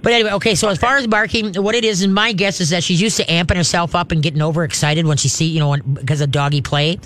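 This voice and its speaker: High-voiced chatty radio dog trainer man. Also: steady tone, fast talker, a bit bright. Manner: folksy, chatty, instructive. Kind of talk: call-in radio advice.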